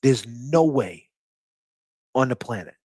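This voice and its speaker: A man's voice: medium pitch, expressive, slow, warm tone, husky, no echo. A man hosting a livestream in casual talk. He is emphatic and profane, preaching and repeating his phrases for force. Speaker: livestream host.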